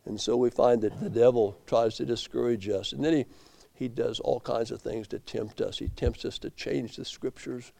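A man preaching a sermon, swinging from low, quiet asides up to loud emphatic peaks. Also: fairly even intonation, normal speed, vocal fry. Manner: rising to emphatic peaks, then dropping low.

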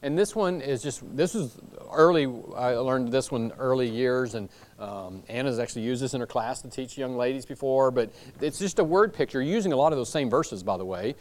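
A man's voice: medium pitch, animated, a little fast, darkish tone. A man teaching a church Bible class, talking loosely with many fillers and restarts.

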